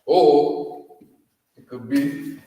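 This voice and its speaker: A man's voice: fairly high pitch, drawn-out words, mellow. A man with a Southern US accent teaching a language class, drawling and repeating words with "you know what I mean?", recorded from far off in a large echoey room. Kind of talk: language lesson at a whiteboard.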